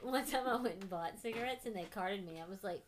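A woman's voice: mid-range voice, fast talker, background noise. A woman from Port Arthur, a podcast guest, chatting and laughing as she tells stories. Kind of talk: casual chat.

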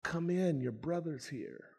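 A man's voice: a little slow, a little mellow, slightly rough. A preacher putting on a pleading older father. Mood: coaxing. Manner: coaxing then crying out, voice climbing high. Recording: echoey hall.

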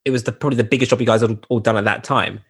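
A man's voice: mid-range voice, fairly even intonation, very fast, a bit bright, slightly rough. A man co-hosting a casual interview, rambling as he thinks his question through. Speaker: interview host.

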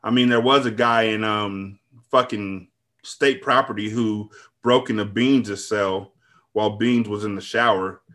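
A man hosting a podcast, recapping an episode in a casual, profane, storytelling way with quick asides. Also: lowish voice, steady tone, a bit bright. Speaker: podcast host.

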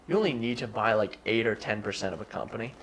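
A man's voice: lowish voice, fast. A drunk man in casual podcast chat, rambling loosely and swearing freely. Faint background noise sits under his voice. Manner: rambling and profane. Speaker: podcast co-host.

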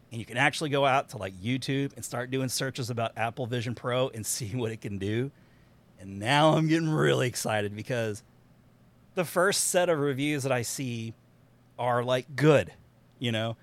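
A man hosting a podcast, talking in an animated, rambling casual way and laughing often. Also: medium pitch. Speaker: podcast host. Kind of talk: excited casual chat.

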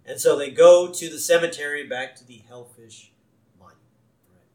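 A man co-hosting a podcast, recapping a cartoon episode in an animated, laughing way. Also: fairly high pitch, normal speed. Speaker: podcast co-host. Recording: roomy echo.

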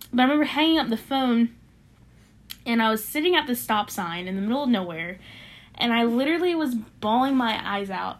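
A young woman casually telling a personal faith testimony on a podcast, animated and full of fillers, acting out what others said. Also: fairly high pitch. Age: young adult. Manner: animated storyteller with many fillers, acting out quoted voices. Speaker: podcast co-host sharing a testimony.

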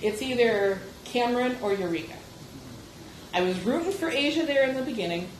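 A woman rambles through a casual podcast monologue at home, blunt and freely profane. Her voice sits back from the mic in an echoey kitchen, with clear noise underneath. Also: a little high, animated, normal speed. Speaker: podcast host. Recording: echoey room, far from the mic, noisy.

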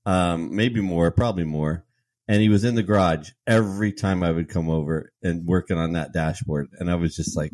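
A man with a somewhat low voice shares stories among friends, giggling often as he goes. The sound is close and dry. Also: normal speed, darkish tone, no echo. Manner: giggly, laughs through his stories. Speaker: podcast co-host. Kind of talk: casual storytelling chat.

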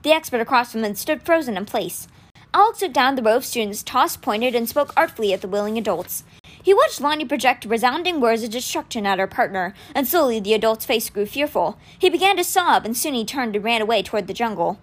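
Expressive woman reading a novel aloud. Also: a little high, a little fast. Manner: expressive storytelling. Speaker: audiobook reader.

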